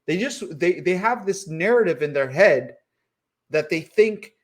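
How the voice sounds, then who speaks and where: Male podcast co-host with a fairly high voice, emphatic and repetitive in casual chat. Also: animated, measured pace.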